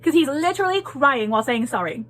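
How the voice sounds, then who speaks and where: Animated and quick, a woman with a high-pitched voice discusses a book in a casual, spoiler-filled review. Her delivery is emphatic, with lots of laughter and repeated phrases.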